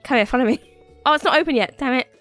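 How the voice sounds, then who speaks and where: A woman's voice: high-pitched, rapid-fire, fairly bright tone, no room sound, faint music behind. Giggly woman gaming with family. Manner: giggly, playful. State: voice going hoarse. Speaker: let's play host. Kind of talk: casual gaming chat.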